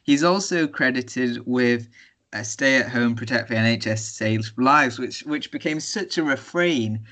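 A young man co-hosting a casual student podcast, joking in a dry, playful way. His voice is bright and forceful, at a middle pitch for a man. He is heard over a video call. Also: unhurried. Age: young adult. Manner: dry, playful, repeats words. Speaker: podcast co-host. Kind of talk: casual chat and mock commentary.

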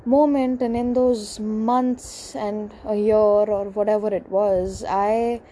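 A young woman telling a personal story in a halting, emotional confessional monologue, full of pauses and restarts. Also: mid-range voice, fairly even intonation, warm tone, a little hiss or hum, poor audio. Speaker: speaker sharing a personal story.

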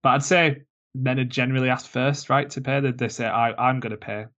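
A man's voice: medium pitch, fairly even intonation, fairly quick, a bit bright, dull audio. A man co-hosting a podcast, chatting casually and joking, with lots of fillers. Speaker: podcast co-host. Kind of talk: casual chat.

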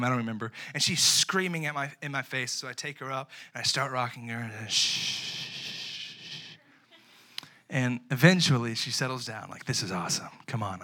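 A young man preaching a sermon, switching between lively storytelling and hushed, earnest moments. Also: mid-range voice. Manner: animated preaching that swings between loud and hushed; casual, chatty storytelling with fillers. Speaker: pastor.

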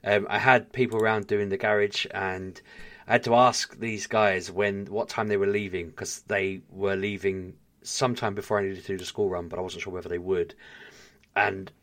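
A man's voice: low voice, moderate pace, no room sound. A man co-hosting a podcast, telling self-deprecating stories in casual chat and acting out what people said. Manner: self-deprecating storytelling, animated quoting. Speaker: podcast co-host.

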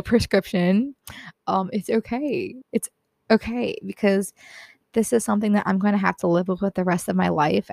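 A teenage girl hosting her own talk, speaking earnestly and softly, tired and a little teary, often laughing at herself. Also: mid-range voice, vocal fry, no echo, studio quality. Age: teens. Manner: earnest, self-deprecating, laughs often, soft-spoken. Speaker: podcast host. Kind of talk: personal reflective talk.

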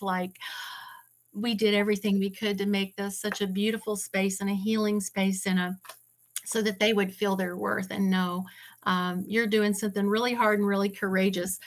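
A woman being interviewed, telling her story in an earnest, emotional way and fighting back tears. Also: mid-range voice. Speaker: ministry founder and guest.

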